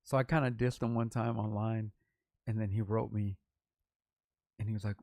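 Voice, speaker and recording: A man's voice: on the low side, little pitch movement, a little fast, pauses often, a little mellow, no echo. A middle-aged man from Los Angeles, a rapper hosting his own vlog, telling a long, rambling, profane story in casual talk and repeating himself. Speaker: vlog host, underground rapper.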